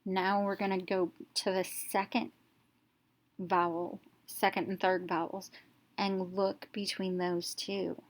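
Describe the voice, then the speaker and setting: A woman with a lowish voice narrates a reading lesson as an instructional voice-over. She explains each step slowly and clearly, the way a teacher would.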